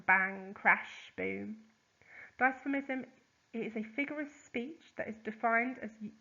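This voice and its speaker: A woman's voice: mid-range voice, a bit bright. Teacher lady going thru poetry terms, chatty, lots of ums, bit dull lo-fi sound. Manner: chatty, explains with examples, many ums and uhs. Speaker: English teacher. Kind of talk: recorded lesson explaining terms.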